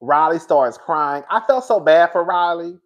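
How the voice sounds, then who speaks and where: Speaking at a measured pace in a voice on the high side, a man recaps a reality show with casual drama, talking straight to viewers and calling them "girl." He repeats himself for emphasis and swears frankly; the highs in the recording are cut off.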